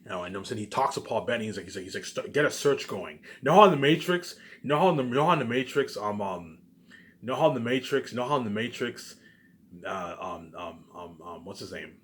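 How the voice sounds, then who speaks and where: A man pitching his movie ideas in a rambling, casual monologue, stumbling over restarts, repeating stock phrases and swearing now and then. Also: expressive, brisk, slight background noise. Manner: repetitive, stumbling restarts, keeps saying "you know what I'm saying" and "obviously".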